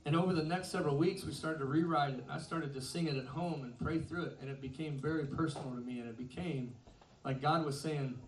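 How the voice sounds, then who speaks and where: A male singer talking to a concert crowd between songs, telling a story in a chuckling, self-deprecating yet earnest way. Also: a little high. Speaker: band singer on stage. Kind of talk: stage banter between songs. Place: live concert venue. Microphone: stage vocal mic. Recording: echoey live room, mic from a distance.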